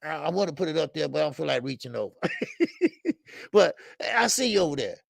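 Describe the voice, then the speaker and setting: A fast-talking man with a fairly high, creaky voice hosts a live boxing talk show. Animated and emphatic, he uses heavy street slang and filler words while greeting chat viewers by name. The sound is studio quality with no echo.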